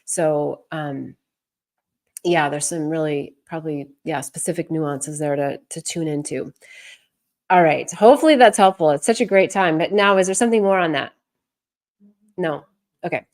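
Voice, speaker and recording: A woman's voice: low-pitched, moderate pace, long pauses, darkish tone. A woman hosting a live advice session as an intuitive advisor, speaking candidly and encouragingly.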